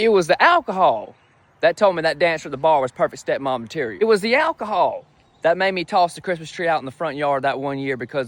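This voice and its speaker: A young man doing a crude, brash comedy monologue with loud punchlines. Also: fairly high pitch, no room sound. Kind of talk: stand-up style comedy monologue.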